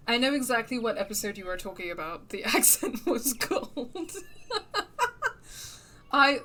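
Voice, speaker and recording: A woman's voice: fairly high pitch, lively intonation, slow, long pauses, pushed and bright. A woman streaming a video game live, chatting casually with viewers, laughing often and muttering at the game as she plays. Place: lives in the UK.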